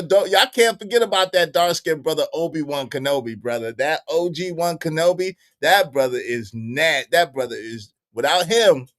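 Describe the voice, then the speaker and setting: A young man hosting a casual livestream, bantering with the chat in animated, repetitive bursts with frequent laughs. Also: a little high. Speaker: livestream host.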